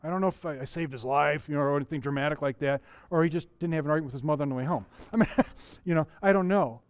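A middle-aged pastor in a church preaches rapid-fire yet relaxed and conversational, restarting sentences often and asking the congregation questions. His slightly high male voice has a clear, resonant tone, captured dry and close with little room echo.

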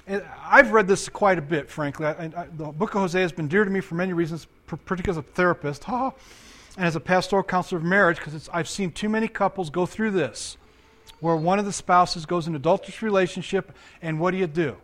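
High-voiced animated male preacher. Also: fast. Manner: animated, asks the audience questions; reads scripture aloud and comments. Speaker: pastor and counselor. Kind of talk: sermon.

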